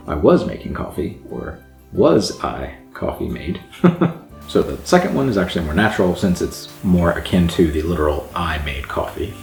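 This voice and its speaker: A man hosting a language channel who explains grammar casually and sounds out example words slowly. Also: low voice, very animated, gravelly, darkish tone. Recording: echoey room with faint background music.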